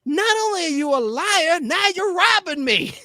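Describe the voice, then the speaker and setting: A panelist voicing an indignant woman customer who complains loudly and insistently, in a much higher voice than their own. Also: animated, normal speed, dry recording, clean studio sound, exaggerated voice. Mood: outraged. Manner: loud, outraged, insistent. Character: indignant adult woman customer at a late-night gas station.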